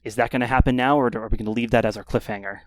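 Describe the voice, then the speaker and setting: A man running a tabletop game as game master, setting scenes in a descriptive, measured way. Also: mid-range voice, fairly even intonation, dry recording.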